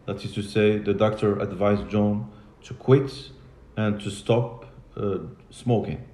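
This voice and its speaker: A man's voice: fairly low pitch, steady tone, slow pace, dark tone. A man teaching English to a class, patiently repeating and spelling out words and switching into Arabic and French. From Morocco. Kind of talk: classroom lesson. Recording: echoey classroom.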